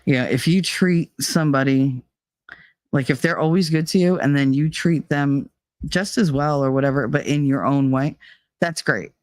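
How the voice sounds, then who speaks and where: A woman's voice: low-pitched, moderate pace, no room sound. A woman in her thirties chatting casually on her channel at home, blunt and profane, laughing often. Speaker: channel host. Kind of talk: casual chat. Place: home room with heater.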